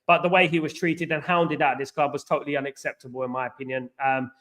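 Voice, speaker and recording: A middle-aged man with a London accent hosts a casual livestream chat, rambling and repeating "you know what I mean." His voice is a little high and a bit bright, with a flat, fast delivery.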